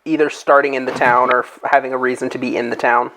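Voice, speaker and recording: A man's voice: mid-range voice, level tone, fast, very noisy. A man running a tabletop game, chatting casually on a call and thinking aloud with lots of fillers. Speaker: game master. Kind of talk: casual group chat.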